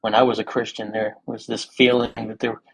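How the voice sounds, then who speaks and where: A man's voice: fairly low pitch, level tone, fairly quick, vocal fry, slightly rough, rough recording. A man from the area calling into a stream, telling a story in a rambling, friendly way. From Boston area. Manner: rambling, friendly, lots of fillers. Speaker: caller. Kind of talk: casual call-in chat.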